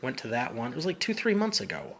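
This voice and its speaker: A man's voice: medium pitch, wildly swooping pitch, fast, a bit bright, slight background noise. A man working as a business coach, answering viewer comments in a casual, upbeat live Q&A with informal slang.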